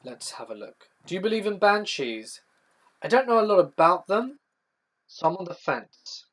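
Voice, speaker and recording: Young man, southern English accent, livestream host, rambling, restarts sentences, a bit high-pitched. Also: sing-song, moderate pace, a bit bright. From south-east England. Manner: rambling, self-correcting, reads chat aloud. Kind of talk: casual livestream chat and storytelling.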